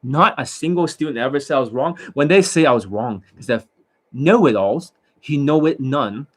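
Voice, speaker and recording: A man's voice: medium pitch, lively intonation, normal speed. A man who is a dating coach, talking in a rambling, boastful and profane monologue.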